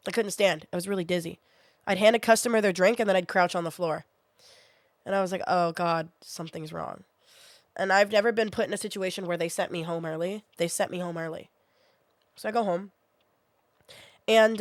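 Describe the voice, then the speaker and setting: A woman's voice: medium pitch, a little fast, long pauses, dry recording, clean studio sound. A young woman streaming from her bedroom, telling a story to her chat in a casual, chatty way and acting out what she said back then. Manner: chatty, acts out her own past lines.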